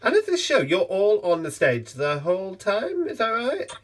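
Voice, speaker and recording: A male podcast host with a very lively, up-and-down pitch, asking short encouraging questions. He sounds a little away from the mic. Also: normal speed, distant mic. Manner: encouraging, asks short questions, laughs along. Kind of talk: casual interview chat.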